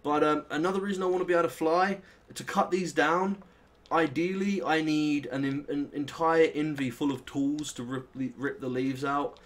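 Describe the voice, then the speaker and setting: A young British man with a British accent, chatting and swearing casually as he plays through a modded game, with sudden excitable outbursts. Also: fairly high pitch, moderate pace. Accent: British English. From Britain. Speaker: gaming channel host. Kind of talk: casual Let's Play commentary.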